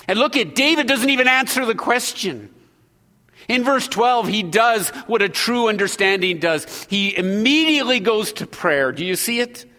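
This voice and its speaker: A man preaching a sermon as pastor, earnest, moving between loud exhortation and hushed prayer. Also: sits high, lively intonation, a little slow, in a large hall.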